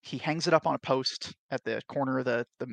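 A man describing his character's actions in a tabletop role-playing game, casual and unhurried. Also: mid-range voice, gravelly, no room sound. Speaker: player.

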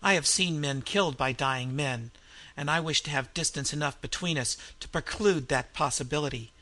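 A man voicing a calm, threatening French bandit holding a man at gunpoint. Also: fairly high pitch, normal speed. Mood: menacing.

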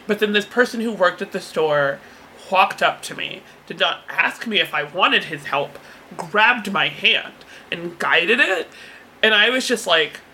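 A woman's voice: fairly low pitch, pushed and bright, a little hiss or hum. A young adult woman co-hosting a podcast in casual chat, laughing often and swearing freely. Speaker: podcast co-host.

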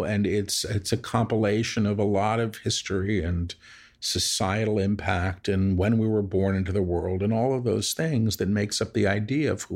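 Male guest, deep and gravelly, thinks aloud in a loose conversational way. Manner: reflective, rambling, with restarts. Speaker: guest, spiritual medium. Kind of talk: casual conversation. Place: apartment.

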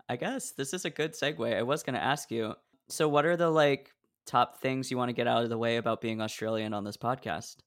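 Podcast host guy from oregon, chatty, tells stories, stops and restarts a lot, middle pitch. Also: moderate pace, fairly bright tone. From Oregon, USA. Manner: chatty, storytelling, hesitant restarts. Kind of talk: casual chat.

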